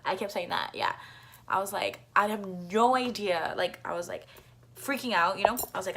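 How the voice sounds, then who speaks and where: A female vlogger rambles through a story for her audience, peppering it with "like," other fillers, and casual swearing, and coughing now and then. Her middle-pitched voice is creaky and a bit bright, at a moderate pace, with slight background noise.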